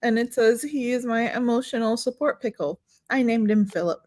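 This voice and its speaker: A woman co-hosting a casual chat podcast, talking in a relaxed, chatty way with some fillers. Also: fairly high pitch, normal speed, no echo, studio quality. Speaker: podcast co-host.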